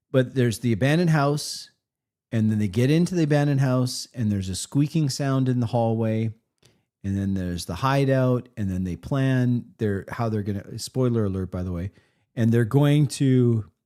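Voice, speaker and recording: A man's voice: medium pitch, warm tone. A man critiquing a recorded game session on a live stream, rambling with frequent restarts. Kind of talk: live reaction commentary.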